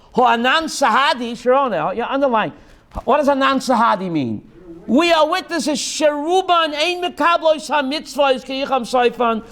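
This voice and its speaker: Very high-voiced rabbi quizzing his class. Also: a bit bright. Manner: quizzes students by name, reads Hebrew text and translates. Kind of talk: classroom text study.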